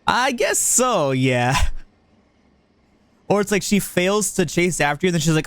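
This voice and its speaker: Guy streamer talking to himself and chat while building, lively pitch, dry close sound. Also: unhurried, long pauses, clear, resonant tone, no room sound. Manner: thinks aloud, chats with viewers, playful.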